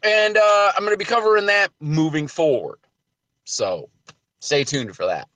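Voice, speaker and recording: Male podcast host, high bright voice, emphatic ranting delivery. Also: moderate pace, no echo. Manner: emphatic, ranting rhetorical questions. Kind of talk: wrestling podcast commentary.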